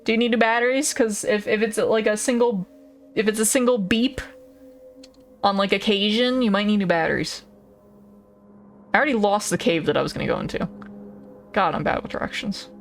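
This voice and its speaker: Brief: woman game streamer, casual and giggly, a little swear-happy, mid pitch. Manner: chatty, laughs often, swears casually. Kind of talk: casual live-stream chat. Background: faint background music.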